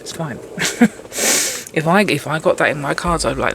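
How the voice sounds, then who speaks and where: A woman rambles through a tarot reading, her voice low and gravelly. She chats freely and keeps breaking off for self-mocking asides, with a faint hum of background noise. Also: unhurried, long pauses, a bit bright. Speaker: tarot reader. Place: indoors at a table with cards.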